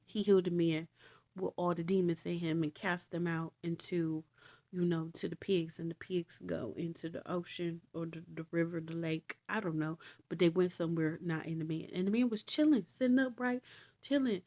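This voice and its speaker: A woman casually retelling Bible stories in slangy, animated talk with exasperated asides. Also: fairly low pitch, normal speed. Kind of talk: casual storytelling.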